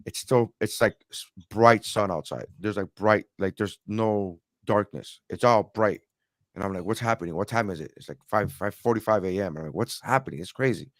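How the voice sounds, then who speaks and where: A man's voice: lowish voice, moderate pace, no room sound, studio quality. A man co-hosting a podcast, telling a long, rambling travel story with many restarts. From immigrant to America. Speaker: podcast co-host. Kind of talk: casual storytelling chat.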